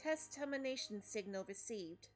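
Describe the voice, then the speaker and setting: A woman voicing a female combat android, reading in a flat, mechanical monotone with a put-on accent. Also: mid-range voice, normal speed, faint music behind, close to an everyday voice. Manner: monotone report-style delivery. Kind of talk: fan voice-over of a game.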